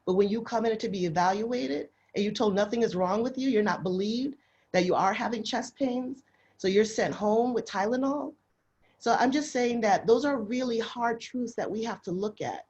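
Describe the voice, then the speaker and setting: A woman's voice: on the high side, normal speed, a little mellow, muffled recording. A woman speaking with passion on a webinar panel, often repeating herself. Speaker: nurse panelist. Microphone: video call.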